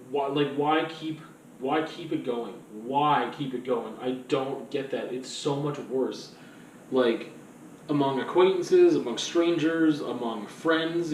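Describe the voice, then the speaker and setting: A man's voice: fairly high pitch, darkish tone, reverberant, distant mic, a little hiss or hum, low-quality recording. A man vlogging in a rambling, casual monologue full of fillers and loose asides.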